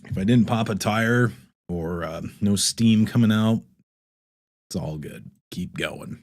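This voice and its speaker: A man's voice: fairly low pitch, slow, a little mellow. A man hosting a casual live stream, reading viewer comments aloud and rambling with frequent laughs. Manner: loose and rambling, reads chat aloud, laughs often. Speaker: livestream host.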